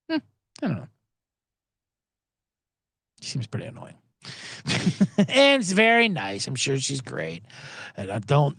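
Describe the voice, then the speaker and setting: A man's voice: a little high, dry recording. Sarcastic, profane sports podcast host, man. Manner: profane, sarcastic, shouting mock voices.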